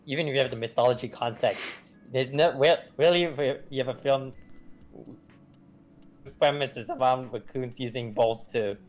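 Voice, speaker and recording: A man in casual chat, halting and repeating words as he cuts in. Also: mid-range voice, faint music behind, rough recording.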